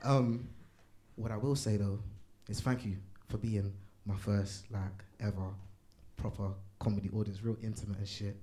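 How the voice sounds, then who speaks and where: A man's voice: fairly low pitch, fairly even intonation, normal speed, mellow. A man hosting a stand-up night in a small comedy club, talking casually with slang before introducing the next act. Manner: casual London slang, playful. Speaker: comedy host.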